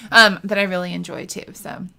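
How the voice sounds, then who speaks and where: A woman co-hosting a casual livestream, relaxed and quick to laugh. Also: lowish voice, gravelly. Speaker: livestream co-host. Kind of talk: casual chat.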